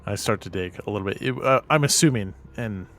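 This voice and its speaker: A man's voice: on the low side, brisk, fairly bright tone. A man playing a tabletop game, switching between casual table talk and formal, earnest in-character speech as his investigator. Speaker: player.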